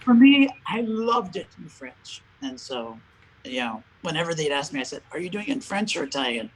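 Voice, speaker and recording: An older man speaks as a guest opera singer in a relaxed interview. He tells his stories with animation, slips into the voices of the people he quotes, and laughs often. A faint hum sits behind him. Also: on the high side, moderate pace, poor audio. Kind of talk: casual interview chat.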